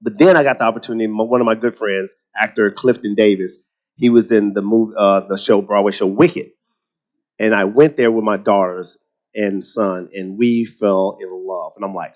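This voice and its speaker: A man from Texas with a Southern accent, a guest on a luncheon panel, telling animated stories and often restarting his sentences. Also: fairly low pitch, normal speed, dull audio. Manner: animated storytelling, repeats words when starting sentences. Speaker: guest speaker.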